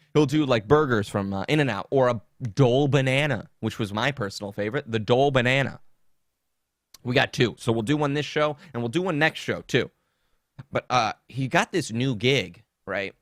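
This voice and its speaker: A man hosts a podcast from his computer, ranting in a loose comedic way and laughing as he goes. His pitch swoops widely as he mocks people. The sound is dry and close to the mic. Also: dry recording. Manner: animated, mocking, laughs often, jumps between topics. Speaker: podcast host. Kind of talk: casual comedic rant.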